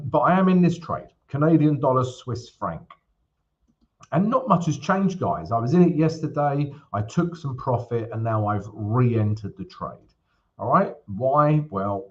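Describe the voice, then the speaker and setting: On a muffled recording, a man with a medium-pitched voice runs a live trading stream. Upbeat and conversational, he greets viewers and walks through charts, regularly checking in with "right?".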